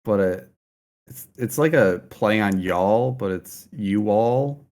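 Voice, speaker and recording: A man's voice: on the low side, takes it slowly, a little mellow. Hesitant young man in casual chat. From Minnesota, USA. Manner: hesitant, laughs often. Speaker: podcast co-host.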